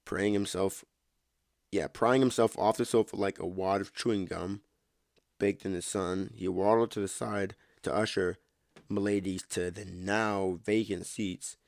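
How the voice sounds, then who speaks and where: A man with a very deep, gravelly voice reads a story aloud for a podcast. The sound is dry and close. He keeps stumbling, rereading lines and dropping in his own comments. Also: steady tone, a little slow, no echo. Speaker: story reader and podcast host. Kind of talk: reading a story aloud with asides.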